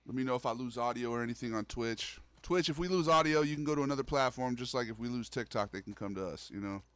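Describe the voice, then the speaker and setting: Here a young man talks fast in a medium-pitched, slightly bright, clean voice with no room sound. While streaming a horror game he chats with viewers in a loose, slang-filled way, calling them "bro."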